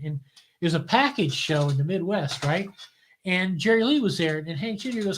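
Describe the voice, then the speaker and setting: Older man telling animated stories. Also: high-pitched, fairly quick. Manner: animated storyteller, voices the people he quotes. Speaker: guest. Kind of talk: casual storytelling interview.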